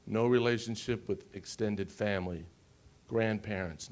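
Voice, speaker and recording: A man in his forties from the United States, giving an emotional personal story on a conference panel and often pausing to check in with the audience. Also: mid-range voice. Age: 40s. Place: conference stage.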